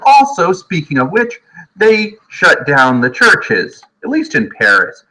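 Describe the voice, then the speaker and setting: A man teaching history from home in a casual, jokey lecture, often slipping into quick voices of historical people. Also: on the high side, wildly swooping pitch, bright, forceful tone, rough recording.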